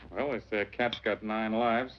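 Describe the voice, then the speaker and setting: An actor playing a sneering western outlaw in a 1940s film, sardonic and mocking. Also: male voice, on the low side, steady tone, normal speed, close to an everyday voice. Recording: muffled old film soundtrack with score.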